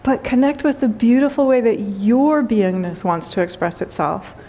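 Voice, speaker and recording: A woman's voice: a little high, normal speed, warm tone. A woman giving a spiritual talk as teacher, telling a funny story and laughing often.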